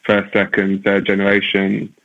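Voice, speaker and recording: A low-pitched man from London talks through his film with a thoughtful, halting manner, often circling back to restart a phrase. The sound is somewhat dull and lo-fi. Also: monotone. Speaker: film director. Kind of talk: interview answers.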